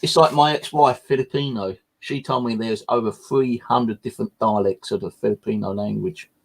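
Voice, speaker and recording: Low-voiced rambling man, casual chat. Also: fairly even intonation, normal speed, gravelly. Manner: rambling, swears a lot, many fillers. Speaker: channel host. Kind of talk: casual live-stream chat.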